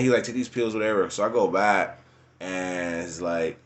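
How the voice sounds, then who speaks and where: A young man telling his life story in unscripted personal testimony, informal and repetitive, laughing often and jumping up in pitch when he quotes other people. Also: moderate pace.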